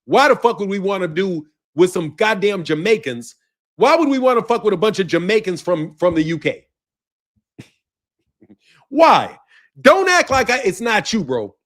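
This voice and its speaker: High-pitched guy going off, cussing and laughing, voice jumping way up and down. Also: big pitch swings, brisk. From United States. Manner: loud, profane, laughs between lines, fired up. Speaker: boxing channel commentator. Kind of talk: unscripted profane rant.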